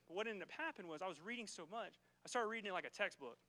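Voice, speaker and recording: A man's voice: sits high, expressive, rapid-fire, bright, forceful tone, poor audio. A man preaching a casual, conversational sermon in a church, often checking in with the congregation. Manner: casual, keeps asking "right?" to the congregation.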